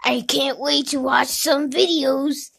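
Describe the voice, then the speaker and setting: Woman, high voice, gravelly, slow, comic voice-over, mumbles then shouts. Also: steady tone, a little hiss or hum. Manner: jumps between mumbled asides and shouted outbursts. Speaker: narrator and voice actor of a fan animation. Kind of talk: comedic fan-animation voice-over.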